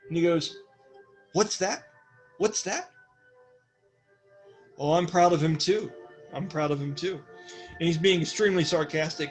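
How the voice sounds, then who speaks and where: A man narrating as game master of a tabletop role-playing game, slipping into sarcastic character voices. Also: fairly high pitch. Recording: faint music behind.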